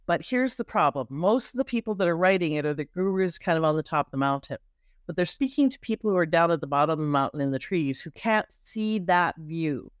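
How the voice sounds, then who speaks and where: A woman's voice: sits low, expressive, brisk, dry recording, clean studio sound. A middle-aged Canadian woman with a Canadian accent, talking emphatically as a marketing coach in a podcast interview, with restarts and repetitions.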